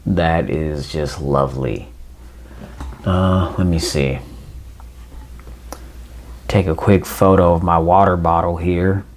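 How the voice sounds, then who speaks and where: A man with a low, gravelly voice talks unhurriedly through a new phone's camera settings. He reads each on-screen prompt aloud as he goes and calls his viewers ladies and gentlemen, in an easygoing, thinking-out-loud walkthrough. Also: slow pace, long pauses, slight background noise. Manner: addresses viewers as ladies and gents. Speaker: tech reviewer. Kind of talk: casual unboxing walkthrough.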